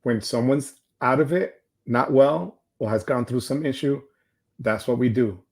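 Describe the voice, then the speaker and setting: A man's voice: medium pitch, measured pace, gravelly. Older male host, casual and emotional, rambles with restarts. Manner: heartfelt, rambling, with frequent restarts. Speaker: livestream host. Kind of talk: casual livestream chat.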